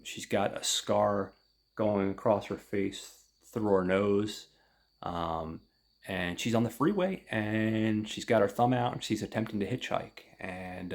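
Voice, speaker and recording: Slow, gravelly-voiced man recapping a comic. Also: fairly low pitch. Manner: halting, many fillers. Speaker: podcast host. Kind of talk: casual comic book recap.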